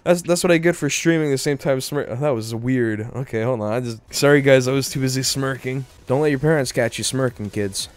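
A man's voice: mid-range voice, a little fast, hardly any pauses, no room sound. A young man streaming a game, cracking goofy jokes in rambling, filler-heavy casual chat. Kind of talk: casual live-stream commentary.

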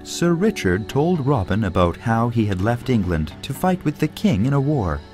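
A man narrating an audiobook for English learners in a lively, expressive storytelling manner. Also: mid-range voice, moderate pace, faint music behind.

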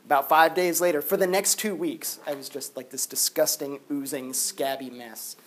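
A man's voice: a little high, normal speed. A man lecturing a classroom in a casual, chatty way, full of "like" fillers. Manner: chatty, animated, lots of "like" fillers. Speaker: university philosophy lecturer.

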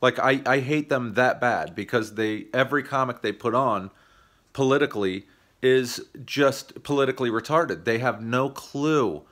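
A man's voice: medium pitch, normal speed, fairly bright tone. An American man ranting profanely into the camera for his comedy channel, combative and sarcastic. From United States. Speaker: YouTube comedian. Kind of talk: ranting video monologue.

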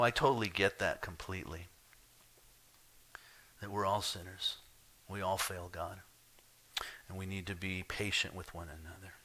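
A man preaching a sermon as pastor, emphatic, swinging from hushed asides to loud, pressing points while chatting to the congregation. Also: sits low.

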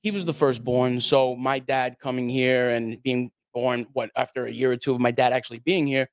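A man co-hosting a podcast, chiming in quickly with blunt remarks and frequent laughs. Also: medium pitch, fairly even intonation, clean tone, no room sound. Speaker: podcast co-host. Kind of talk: casual podcast chat.

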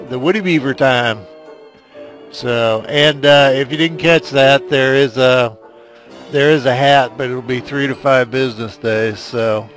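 Here the commentator sounds mid-range and fairly bright as he plays through a game. His casual let's play talk rambles along, full of self-mockery and quiet muttering.

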